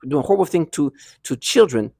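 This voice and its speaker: A man's voice: a little high, very animated, brisk, creaky, a little mellow, breathy edge, dry recording, clean studio sound. A man talking agitatedly to the camera in a rambling monologue, full of restarts and bitter laughs, sometimes dropping to a near whisper. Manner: drops to a near whisper at times. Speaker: vlogger.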